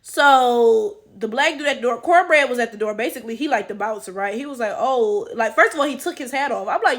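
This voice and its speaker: Woman, high-pitched, casual reaction commentary, profane, joking, rambling. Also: animated, fairly quick, hardly any pauses, fairly bright tone. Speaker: channel host.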